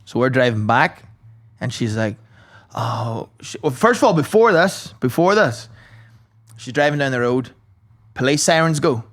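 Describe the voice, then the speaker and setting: A man's voice: mid-range voice, lively intonation, measured pace. A man, a podcast host telling a rambling anecdote in casual chat, full of swearing and impressions.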